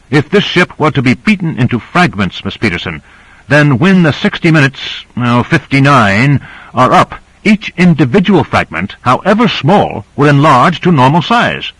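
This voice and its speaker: A man's voice: on the high side, a bit bright, dry recording, voice pushed up, rough recording. A man reading the part of a stiff, formal male surgeon. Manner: stiff, clipped.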